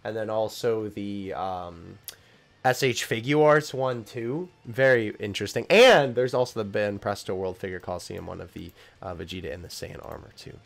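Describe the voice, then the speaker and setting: A young man hosting a casual commentary video, reacting to each item with quick laughs and sudden excited exclamations. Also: fairly low pitch, vocal fry. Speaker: YouTube host covering figure news. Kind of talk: casual commentary while reading news.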